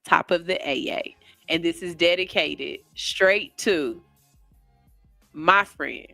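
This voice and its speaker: Host: woman, bright and dry studio voice, playful and chatty. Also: fairly low pitch, slow pace, creaky, dry recording, faint music behind. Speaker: radio show host. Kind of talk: casual morning radio chat. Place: radio studio.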